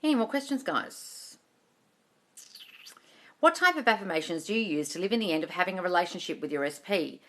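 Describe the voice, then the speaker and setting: A woman with a lowish, animated, slightly bright voice talks briskly and pauses often. She's a manifesting coach doing a casual Q&A on a phone livestream, chatty and reassuring, calling viewers darling and swearing now and then.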